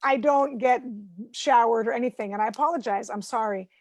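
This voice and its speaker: A woman's voice: fairly high pitch, brisk. A woman comedian doing a chatty, self-deprecating stand-up set from home over a video call.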